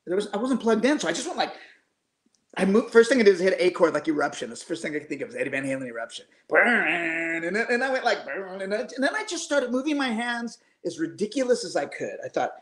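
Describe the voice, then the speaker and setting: A man's voice: sits high, quick pace. Rambling, upbeat male guest in an echoey room. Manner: animated anecdotes with frequent restarts. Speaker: guest musician. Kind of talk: casual storytelling.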